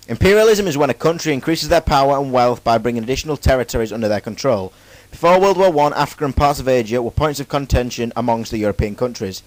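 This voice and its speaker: A young man talks through a school presentation in a relaxed, joking way and keeps cracking self-mocking asides between the facts. The recording is dry and close, with almost no room sound. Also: mid-range voice, no room sound, low-quality recording. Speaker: student presenter. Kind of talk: casual jokey school presentation.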